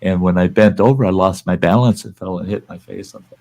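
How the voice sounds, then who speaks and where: A man's voice: sits low, fairly even intonation, fairly quick, gravelly, a little mellow. An older man hosting a livestream, telling a story in a blunt, folksy, profane way. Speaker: livestream host. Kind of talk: casual storytelling.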